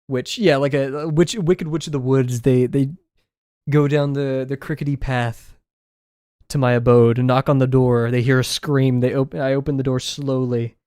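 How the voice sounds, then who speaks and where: A young man streaming his drawing session, rambling casually with viewers, self-deprecating and quick to laugh. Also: medium pitch, fairly even intonation, darkish tone, dry recording, clean studio sound. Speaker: drawing livestreamer.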